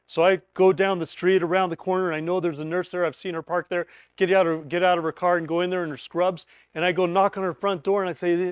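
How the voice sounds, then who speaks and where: Guy teaching survival prep, tells it like a story, smooth slightly high voice, dull dry recording. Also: fairly quick, no room sound. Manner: animated storyteller who acts out quoted voices. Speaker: emergency preparedness instructor. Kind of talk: teaching through a spoken scenario.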